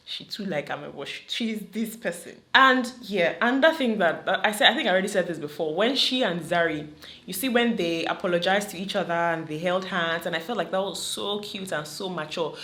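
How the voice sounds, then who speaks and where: A young woman with a Nigerian accent giving chatty, animated commentary to her vlog audience and slipping into Nigerian Pidgin. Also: fairly low pitch. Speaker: vlogger. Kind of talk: casual commentary to camera. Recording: roomy echo.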